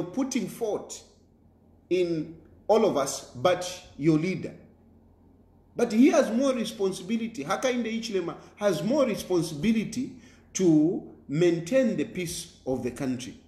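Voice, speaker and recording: A man's voice: sits high, dark tone, echoey room. A Zambian man and politician giving an emphatic, repetitive political monologue with a preaching tone and many fillers.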